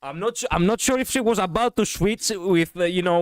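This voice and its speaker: A man streaming a game, commenting casually in an excitable, profane, ranting way on a close mic. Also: high voice, moderate pace, hardly any pauses, clean tone, dry recording.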